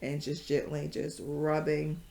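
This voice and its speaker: A woman's voice: low voice, completely flat delivery, unhurried, vocal fry, dark tone. A woman leading a casual yoga class, chatty and rambling, with many fillers and frequent laughs. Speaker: yoga instructor.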